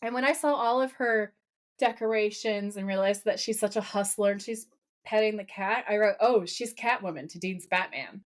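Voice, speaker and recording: A woman's voice: mid-range voice, normal speed. A woman co-hosting a podcast, playfully recapping a TV episode and acting out quoted lines. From raised partly in America. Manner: animated, playful, retells scenes with quoted lines. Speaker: podcast co-host. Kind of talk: casual episode recap chat.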